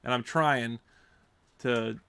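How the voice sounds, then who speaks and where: A young man in casual podcast chat, giving rambling, halting explanations full of fillers. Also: mid-range voice, fairly even intonation, creaky, sharp tone, smooth. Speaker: racing podcast participant.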